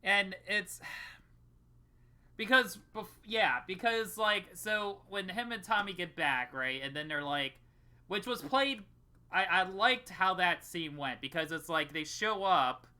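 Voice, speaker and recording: A man's voice: sits high, unhurried, sharp tone. A young man co-hosting a podcast in casual chat, rambling and swearing freely. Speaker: podcast co-host.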